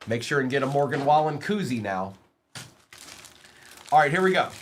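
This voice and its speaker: Male streamer, card break host: animated delivery, quick name calls, playful ribbing of viewers, faint hiss on the line. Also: mid-range voice. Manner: rapid name-reading, teasing viewers, bursts of excitement.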